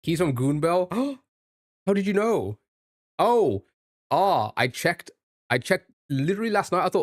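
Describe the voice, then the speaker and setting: A man's voice: sits high, big pitch swings, a little slow, pauses often, no room sound, studio quality. A man from the United Kingdom, streaming and chatting casually, thinking aloud while he guesses and jokes with his chat. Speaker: live streamer.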